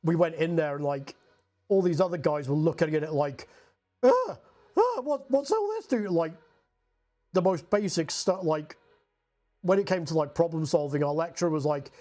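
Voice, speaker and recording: A man's voice: fairly high pitch, steady tone, moderate pace, mellow. A young man with a Scottish accent chatting casually and rambling while he paints on a livestream, swearing freely and saying "like" a lot.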